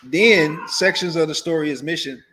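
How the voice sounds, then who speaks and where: A man's voice: on the high side, moderate pace, pushed and bright, a little hiss or hum. A man co-hosting a casual discussion, emphatic and exasperated about an article. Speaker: podcast co-host. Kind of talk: casual debate chat.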